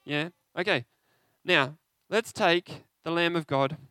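Animated, fairly high-voiced man preaching. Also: slow, no room sound. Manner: animated, conversational, asks the audience questions. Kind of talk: interactive sermon with props.

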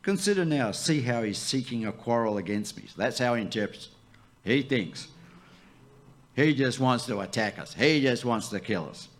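A man, the church's pastor, preaching a sermon, swooping up high for emphasis and dropping to a near hush. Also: animated, moderate pace.

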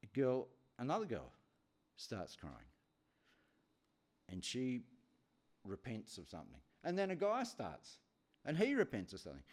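Male preacher, animated storyteller, pitch swinging widely, repeats phrases for effect. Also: measured pace, long pauses. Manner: animated storyteller with many repetitions. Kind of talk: sermon with storytelling.

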